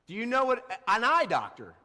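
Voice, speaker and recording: A man preaching a sermon as pastor, animated, acting out short voices and quotes. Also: very high voice, brisk, long reverb tail. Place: church sanctuary.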